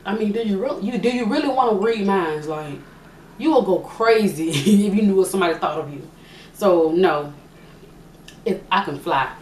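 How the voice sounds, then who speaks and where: A young woman casually answering questions for her vlog, chatty and joking, often thinking aloud. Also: fairly low pitch. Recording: echoey room, mic at a distance, faint hiss.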